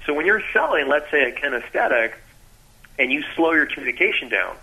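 With a slightly high voice and a brisk pace, a sales trainer guesting on a radio show explains with energy and acts out sales exchanges. The recording is low quality.

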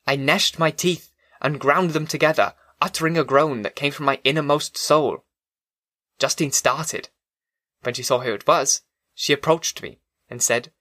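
Man reading an old novel aloud, slow and dramatic, bright tone, dry close sound. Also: fairly high pitch, no echo. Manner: measured, dramatic literary reading. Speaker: audiobook narrator. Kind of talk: scripted narration.

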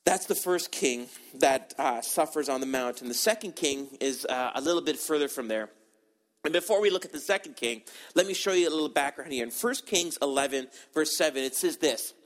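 A man preaching a sermon, animated and conversational, acting out the people in the story and often repeating words as he goes. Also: a little high, fairly quick. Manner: animated, acts out quoted voices, repeats words.

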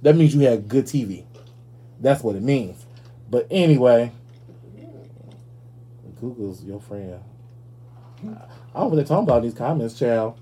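Sassy man with a husky, mellow voice. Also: medium pitch, moderate pace, pauses often. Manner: sassy, animated, swears freely. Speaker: podcast host. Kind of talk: casual commentary.

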